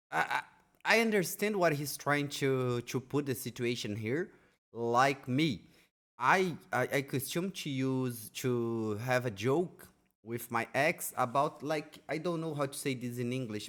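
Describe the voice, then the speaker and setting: Brazilian male streamer, Portuguese-accented English, excitable and stammering, swears, mid pitch. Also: measured pace. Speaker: reaction streamer. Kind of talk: casual reaction commentary.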